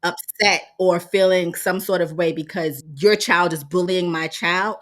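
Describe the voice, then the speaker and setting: A woman's voice: on the low side, measured pace. A woman hosting a casual podcast chat, telling stories expressively and laughing as she talks. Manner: expressive storyteller, laughs while talking. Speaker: podcast host.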